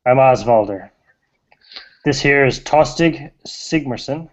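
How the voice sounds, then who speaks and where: A calm warrior leader from a tabletop game, as a player voices him. His voice sits at a middle pitch. It comes through a dull, lo-fi recording. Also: slow.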